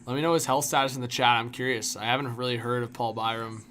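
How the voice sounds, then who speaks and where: Chatty young man with bright voice. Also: medium pitch, little pitch movement, quick pace. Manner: rambling, filler-heavy, frequent "like". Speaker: hockey livestream host. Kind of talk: casual live stream commentary, reading chat.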